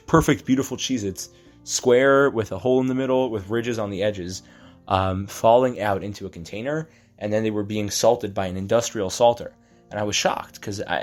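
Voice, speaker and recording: A man with a somewhat low voice spins an absurd tale with a straight face, stumbling through ums and restarts. Faint music plays softly behind him. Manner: deadpan, halting with many fillers and restarts. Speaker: storyteller. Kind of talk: improvised comic storytelling.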